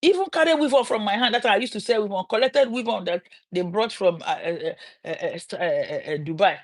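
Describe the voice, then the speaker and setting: A middle-aged woman with a Nigerian accent, telling a story on a livestream and turning it into a sermon, with animated quoted voices and preachy asides. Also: medium pitch, brisk. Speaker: livestream host.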